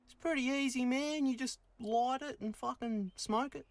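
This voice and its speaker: A man's voice: very high-pitched, moderate pace, no room sound, poor audio. A man voicing a friendly, crude young male Sasquatch, swearing and matey over gameplay. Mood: offhand.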